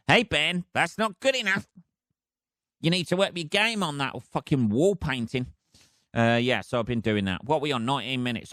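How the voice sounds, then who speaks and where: A man's voice: fairly low pitch, no room sound, studio quality. A man hosting a solo podcast, rambling casually with heavy swearing and chuckles. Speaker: podcast host.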